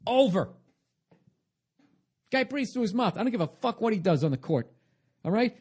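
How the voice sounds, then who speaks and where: A podcast host with a high, slightly mellow voice launches into a rambling comedic rant. It's sarcastic and self-mocking, and full of swearing.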